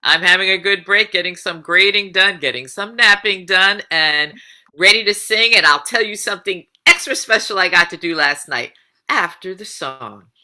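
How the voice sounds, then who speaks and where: A woman's voice: mid-range voice, moderate pace, bright, forceful tone. A woman singer and professor chatting as a guest over a video call before she sings. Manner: upbeat, playful storyteller. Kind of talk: casual chat before singing.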